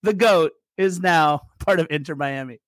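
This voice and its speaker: A man's voice: fairly high pitch, normal speed, dry recording. A man co-hosting a casual soccer podcast, teasing his co-host and reading sponsor plugs. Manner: playful ribbing, reads sponsor plugs. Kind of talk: casual chat.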